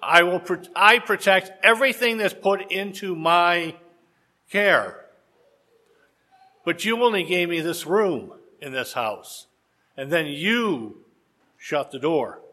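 A preacher voicing a gentle, caring Jesus. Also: male voice, high-pitched, animated, slow pace, long pauses, heavily acted.

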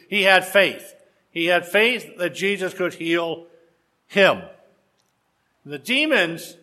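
A man preaching a sermon, telling a story with rhetorical questions and dramatic pauses. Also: high-pitched, sharp tone.

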